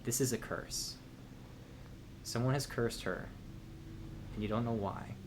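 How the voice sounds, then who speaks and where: A man narrating a tabletop game as game master, calm and measured. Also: mid-range voice, noisy background.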